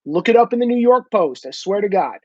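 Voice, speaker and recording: A man in his thirties ranting about a story, animated and profane, at times bursting into shouts. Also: high voice, a little fast, no echo, dull audio. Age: 30s. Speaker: commentator. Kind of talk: profane opinion rant.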